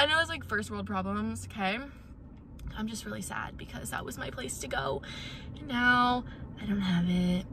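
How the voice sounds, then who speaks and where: Young woman, bright tone, expressive casual vlogger, light hiss. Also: medium pitch, poor audio. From Georgia, US. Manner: gushing and expressive, swings from excited to mock-dramatic. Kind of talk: casual vlog chat. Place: shopping outlet outdoors, then at home.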